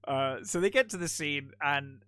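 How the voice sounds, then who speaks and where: A man's voice: fairly high pitch, moderate pace, sharp tone, clean tone. A man co-hosting a podcast, chatting casually about a film, rambling with restarts and frequent laughs. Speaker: podcast co-host. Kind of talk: casual film review chat.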